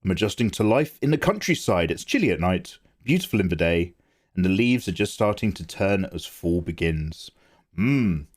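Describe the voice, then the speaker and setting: A man's voice: deep voice, moderate pace. A tired man chatting casually on a livestream, joking with viewers and reading their names aloud. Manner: joking, animated, reads out viewer names and replies to chat. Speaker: art livestreamer.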